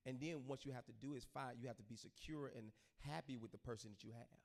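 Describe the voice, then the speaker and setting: This fast-talking middle-aged pastor has a medium-pitched voice with vocal fry. Talking casually to his congregation, he tells stories animatedly and voices the characters himself.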